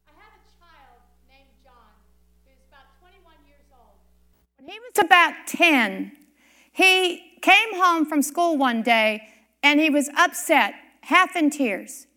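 A middle-aged woman preacher telling a personal story in a sermon, animated and emphatic, repeating key lines. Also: high-pitched, takes it slowly, long pauses. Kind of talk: sermon testimony.

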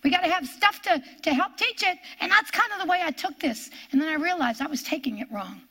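A woman's voice: very high-pitched, lively intonation, a little fast, sharp tone. A woman preaching a sermon, emphatic, repeating key phrases and drawing out her stresses.

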